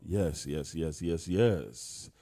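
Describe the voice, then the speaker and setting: A man's voice: very deep voice, extremely slow, mellow. A young man co-hosting a podcast in casual chat, joking and laughing often. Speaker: podcast co-host.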